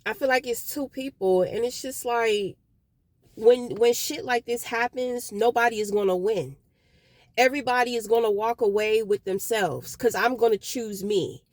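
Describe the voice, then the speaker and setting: A woman's voice: a little high, moderate pace, no room sound. Frustrated woman venting, dry close sound. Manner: frustrated, profane, rambling. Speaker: vlogger. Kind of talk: casual venting vlog. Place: outdoors.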